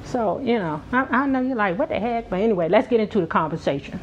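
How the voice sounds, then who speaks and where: A woman's voice: mid-range voice, lively intonation, fast, hardly any pauses. Outspoken woman in a profane, chatty commentary. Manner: outspoken, profane, talks straight to viewers. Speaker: host reading and commenting. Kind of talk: casual commentary while reading a book aloud. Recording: dull lo-fi audio with faint hum.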